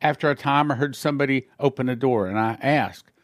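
A man's voice: mid-range voice, a little fast, dry recording, clean studio sound. A man giving an earnest spoken testimony in a sermon, telling his story plainly with small slips and acting out the voices of others. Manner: acts out dialogue with shifting voices.

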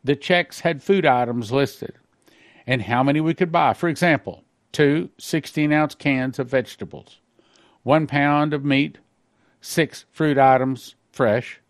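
A man pastor reading out a dream account and commenting on it in a sermon, slowing on key phrases and breaking into quick asides. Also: medium pitch, no room sound, clean studio sound. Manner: reads slowly, then comments in a quick aside.

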